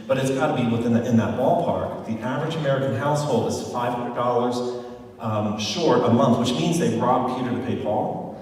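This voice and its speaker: A man leading a motivational sales training for a live audience, chatty and animated, joking with the crowd. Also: medium pitch. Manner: chatty, animated storyteller who jokes with the crowd. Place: large hall with live audience. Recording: echoey hall, far from mic.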